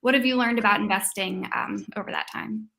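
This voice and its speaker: A woman hosting an investing show, steering the interview with measured questions. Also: medium pitch, gravelly, bright, forceful tone. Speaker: show host.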